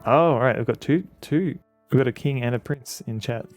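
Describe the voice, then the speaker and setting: A man with an Australian accent streaming a game, chatting casually in a halting, rambling way with many fillers. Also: medium pitch, soft background music. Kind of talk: casual commentary while playing a game.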